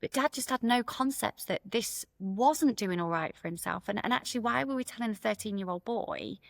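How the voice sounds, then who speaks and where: A woman's voice: mid-range voice, lively intonation, normal speed, creaky, no echo, clean studio sound. A middle-aged woman, a school principal, telling stories in a frank, earnest interview manner and often repeating words. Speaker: school executive principal, podcast guest. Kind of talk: conversational interview storytelling.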